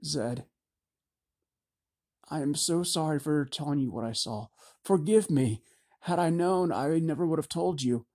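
A man's voice: on the high side, unhurried, pauses often, darkish tone, pitched above the performer's own voice. A man reading an audiobook, voicing a frightened young woman seer in a raised, pleading, shaky voice. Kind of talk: audiobook character voice.

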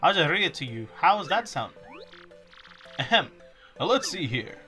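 A man's voice: fairly high pitch, very animated, moderate pace, bright, forceful tone. Goofy young let's-play guy. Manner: goofy, self-mocking. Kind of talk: casual gameplay commentary. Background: game music.

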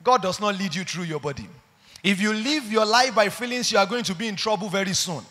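A man preaching a sermon, animated and full of stories. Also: sits high, fairly quick. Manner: animated, storytelling with acted quotes. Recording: long hall reverb.

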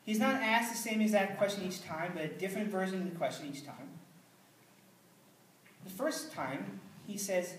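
A man's voice: high voice, unhurried, a little hiss or hum. A man pastor delivering a sermon in an earnest, conversational way, with dry asides. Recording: roomy, distant mic, faint ambience.

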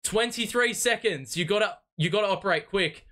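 A young man hosting a live fan watch party, calling the plays as an excitable, exasperated fan who swears freely. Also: high-pitched, brisk. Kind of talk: live fan play-by-play commentary.

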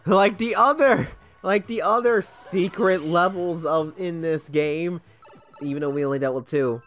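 A man's voice: high voice, unhurried, fairly bright tone, faint music behind. A young man giving casual, rambling gameplay commentary as a let's play host, sidetracked and self-deprecating.

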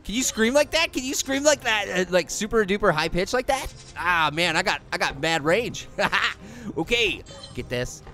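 A man voicing a cocky, hyper talking pear who brags about his gaming skills while playing a video game, slangy and prone to high squealing screams. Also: big pitch swings, moderate pace, bright, forceful tone, soft background music, exaggerated voice. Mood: excited. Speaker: game commentator. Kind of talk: let's-play cartoon commentary.

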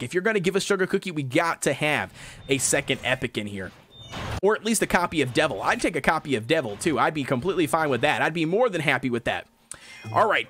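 Male gaming streamer, high lively voice, excitable, cheers and hypes the chat. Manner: hyped, excitable, cheering at the game. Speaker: gaming livestreamer. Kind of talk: live gameplay commentary.

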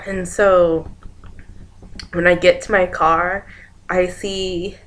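A young woman talks through a dream she had in a loose, rambling vlog style, stringing events together with "and then" and jumping into the voices of the people in it. Her voice sits a little low for a woman. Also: little pitch movement, slow, fairly bright tone, slight background noise. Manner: rambling, chains events with "and then", acts out quoted lines. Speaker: vlogger. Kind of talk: casual dream retelling.

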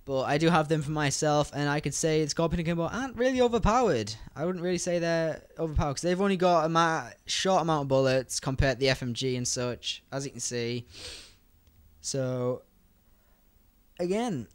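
A young British man giving fast, rambling gameplay commentary and talking straight to his viewers. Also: fairly high pitch, clean tone, no room sound. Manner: fast, rambling, chatty, addresses viewers directly. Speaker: gaming YouTuber.

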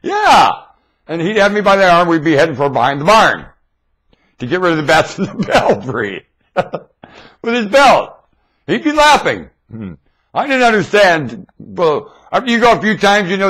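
A man talking into his webcam in a rambling monologue, theatrical and erratic, swinging from low mutters to excited shouts. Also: moderate pace. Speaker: self-styled webcam broadcaster.

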